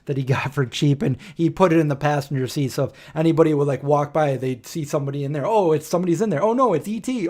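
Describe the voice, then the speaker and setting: A man's voice: medium pitch, a little mellow. A man in his forties hosting a live stream, telling rambling family stories and acting out the dialogue. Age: 40s. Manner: anecdotal, acts out quoted dialogue.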